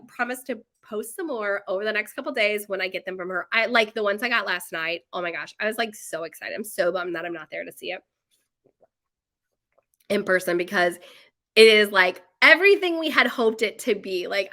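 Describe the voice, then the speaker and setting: A woman's voice: mid-range voice, pushed and bright. A young woman chatting casually in a vlog, rambling through stories with lots of "like" and "right?" and laughing at her own jokes. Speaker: bakery co-owner vlogger.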